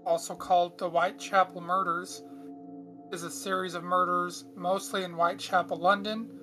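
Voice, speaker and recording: A woman casually hosting a true-crime podcast, chatty with frequent asides. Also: on the low side. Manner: chatty, reads aloud with frequent asides and throat clearing. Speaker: podcast host.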